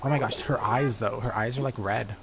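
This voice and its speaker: A man's voice: mid-range voice, a little fast, gravelly, background noise. A man giving playful, chatty commentary while streaming a game, talking back to the characters on screen. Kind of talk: casual gameplay commentary. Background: game music.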